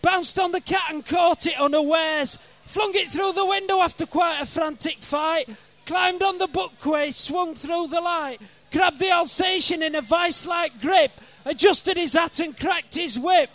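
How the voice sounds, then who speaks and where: A man performing brash comic verse at a live gig, shouting at his listeners. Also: very high-pitched, measured pace, soft background music. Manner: brash, rowdy, bellowing at listeners. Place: live music venue.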